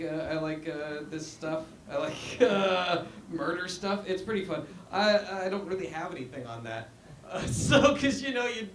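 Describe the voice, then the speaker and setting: A man in his thirties doing a halting, deadpan, self-deprecating stand-up set on a handheld mic in a small club. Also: a little high, a little hiss or hum. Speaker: stand-up comedian. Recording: roomy live venue sound.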